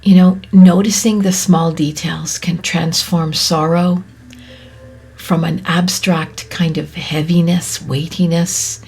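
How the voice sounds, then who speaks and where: A woman hosting a podcast, speaking in a soft, often whispery, reflective way, her voice catching with emotion. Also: lowish voice, fairly even intonation, takes it slowly, husky. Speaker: podcast host. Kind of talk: slow reflective monologue.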